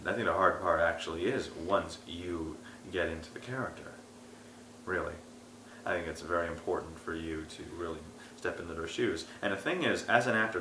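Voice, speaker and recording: A man's voice: low-pitched, slight background noise. A young man, an aspiring actor, telling stories in a casual interview and acting out the people in them. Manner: animated storyteller, acts out quotes. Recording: roomy echo.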